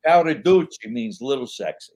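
Ein älterer Mann, der als Gast locker und lebhaft Anekdoten erzählt und dabei oft flucht. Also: male voice, mid-range voice, moderate pace. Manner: animated anecdotes, frequent swearing. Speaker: guest actor. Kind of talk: casual storytelling chat.

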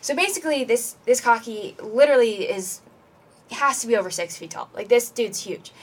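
A young adult woman co-hosting a podcast, telling a long story in a rambling, animated way with plenty of "like" and "basically". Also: on the high side, brisk, far from the mic. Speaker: podcast co-host. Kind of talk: casual chat, storytelling.

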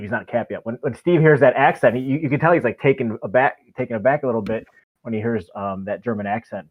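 A man co-hosting a casual podcast chat, talking in a rambling, enthusiastic way with many fillers. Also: mid-range voice. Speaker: podcast co-host. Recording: tinny phone-like line.

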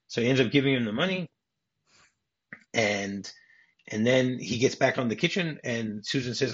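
A man's voice: mid-range voice, normal speed, fairly bright tone, husky. A man on a podcast as a guest, casually recounting a film script in a rambling way, with frequent restarts, acting out the quoted lines. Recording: dull lo-fi podcast audio.

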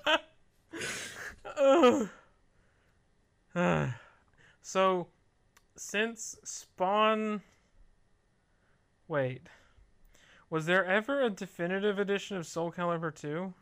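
Slow, bright-voiced podcast co-host. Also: medium pitch, clean tone. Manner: dry, joking delivery. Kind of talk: casual podcast chat.

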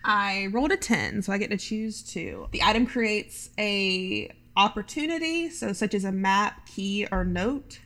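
A woman's voice: medium pitch, very animated, a little slow, hardly any pauses, fairly bright tone. A young woman playing a tabletop role-playing game, chatty and giggly with lots of fillers. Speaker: player. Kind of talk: tabletop role-play, casual.

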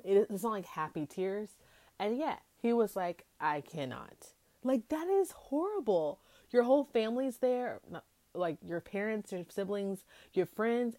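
A young woman talks fast and loose on her podcast, slipping into quick impressions of the people she is recapping. Her voice sits on the low side, and the recording is dry and close, with no room sound. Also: no echo. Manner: chatty, animated, acts out quotes from the show. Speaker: podcast host. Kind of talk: casual recap chat.

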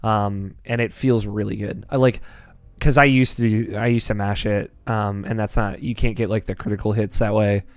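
A man's voice: fairly low pitch, level tone, normal speed, no room sound. A young man hosting a casual podcast from his basement, rambling and chuckling as he talks about a video game. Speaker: podcast host. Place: home basement.

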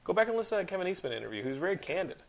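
A man in his thirties hosting a podcast, telling stories in casual chat with lots of swearing and animated outbursts. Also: high-pitched, racing, vocal fry. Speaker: podcast host.

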